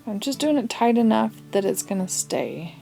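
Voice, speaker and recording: A woman's voice: fairly high pitch, big pitch swings, moderate pace, creaky, music in the background. A woman hosting a casual craft tutorial, chatty and rambling, with asides and little laughs as she works.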